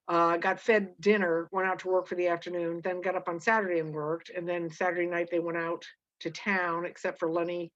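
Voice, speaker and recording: A woman teacher explaining a novel chapter and reading passages aloud, halting with many fillers and restarts. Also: lowish voice, muffled recording.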